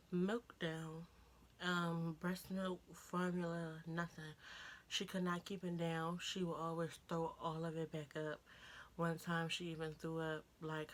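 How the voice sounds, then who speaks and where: Young woman, slow and low. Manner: informal, pausing, soft laughs; emotional, getting choked up. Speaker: vlogger. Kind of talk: casual vlog talk to camera.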